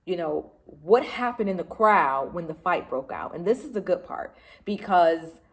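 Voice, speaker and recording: A middle-aged music vlogger from Detroit gives a lively, casual recap to her phone camera, swearing freely and acting out what people said. Her voice is on the low side, and she keeps a measured pace.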